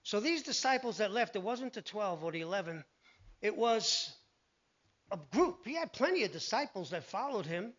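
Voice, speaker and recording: High-voiced man preaching a sermon. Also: moderate pace. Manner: animated storytelling, acting out voices. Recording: dull lo-fi recording.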